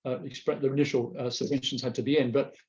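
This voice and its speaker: A man gives a webinar presentation over his slides, his voice mellow and rather dark. He talks haltingly, circling back and repeating words as he hunts for the next phrase. The webcast audio is dull and lo-fi. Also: mid-range voice, little pitch movement. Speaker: guest speaker presenting slides. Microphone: remote webcast mic.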